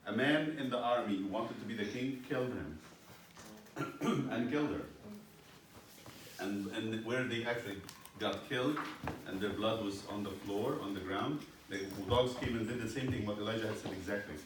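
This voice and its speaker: A man teaching a youth Bible class, telling a story with animated energy and asking "yes?" along the way. He is recorded from far off in a very echoey classroom. A faint noise floor sits under him. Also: on the low side, moderate pace. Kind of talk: storytelling lesson. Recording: echoey room, distant mic, faint noise.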